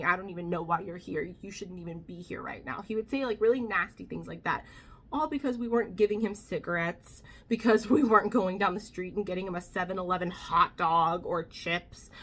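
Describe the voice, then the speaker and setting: A woman's voice: mid-range voice, fairly bright tone. Candid woman telling a family story. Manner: candid, many fillers, quotes others in her own voice. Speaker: vlogger. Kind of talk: casual storytelling to camera.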